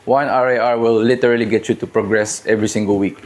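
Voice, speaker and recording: A man's voice: on the low side, steady tone, quick pace, a little mellow. A man hosting a casual fitness live stream from his home gym, talking in a loose, rambling and joking way. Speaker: fitness livestream host.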